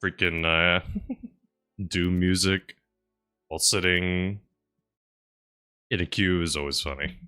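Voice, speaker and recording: A low-pitched man with a bright, forward edge to his voice, talking his way through a game stream. He rambles and muses aloud, one moment punching words out loudly, the next trailing off into quiet asides. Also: steady tone, slow pace, long pauses, clear, resonant tone, faint music behind. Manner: rambling, chatty, musing aloud; swings between loud bursts and mumbled asides. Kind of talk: casual live-stream commentary while playing.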